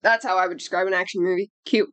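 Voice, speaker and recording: A woman's voice: on the low side, fairly even intonation, quick pace, fairly bright tone, no echo. A woman co-hosting a casual podcast chat, blunt and dry, swearing freely. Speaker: podcast co-host.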